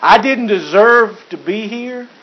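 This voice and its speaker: A man's voice: high voice, unhurried. A man preaching a sermon as pastor, joking and chuckling, with frequent restarts. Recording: dull lo-fi recording.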